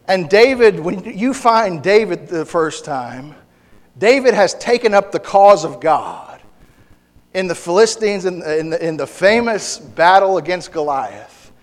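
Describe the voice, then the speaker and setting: A male pastor with a high-pitched voice delivers an impassioned sermon, often restarting and repeating words. His voice carries a long reverb from the church sanctuary. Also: expressive, unhurried.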